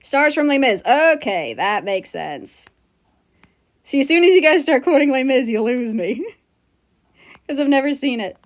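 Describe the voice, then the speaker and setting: A woman streamer chats casually with her viewers while she draws. Her voice sits fairly high, and she talks in a loose, self-mocking way with frequent giggles. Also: animated, a little slow, long pauses. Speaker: livestreaming artist.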